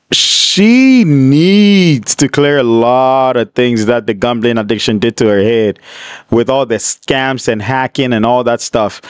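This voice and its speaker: A man's voice: medium pitch, no room sound. A man hosting a reaction video, giving blunt, indignant commentary.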